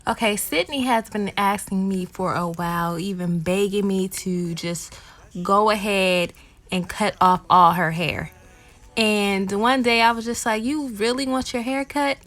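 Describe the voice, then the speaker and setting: A woman's voice: medium pitch, measured pace, fairly bright tone, faint music behind. A woman, a mother and hair vlogger, narrating a home haircut in a casual, explanatory voice-over full of ums and likes.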